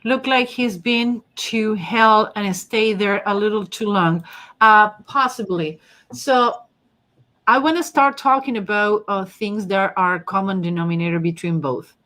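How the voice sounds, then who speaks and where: A woman's voice: medium pitch, unhurried, fairly bright tone. Chatty woman with a strong accent. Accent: non-native English. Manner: chatty, reads and answers viewer comments. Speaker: host and face-reading teacher. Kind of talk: casual live-stream talk.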